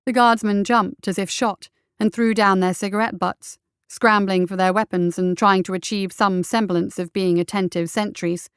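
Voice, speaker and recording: Female story reader, smooth and steady, dry close-miked narration. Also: medium pitch, normal speed, no room sound. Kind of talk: audiobook narration of fiction.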